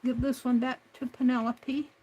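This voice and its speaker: A woman's voice: high-pitched, flat delivery, normal speed, mellow, slightly rough. A woman hosting a craft livestream, talking herself through each step at her home desk. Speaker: craft channel host. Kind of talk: casual crafting livestream narration.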